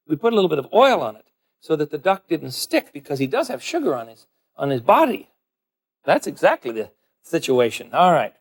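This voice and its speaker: A man hosting a televised cooking demonstration, chatty and playful, talking straight to the viewer as he works. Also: on the high side. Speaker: cooking show host.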